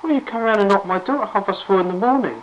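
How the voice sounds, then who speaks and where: A man's voice: high-pitched, rapid-fire, highs cut off, a little hiss or hum. A man on the phone, exasperated and indignant. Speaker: call recipient. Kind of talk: phone argument. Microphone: telephone line.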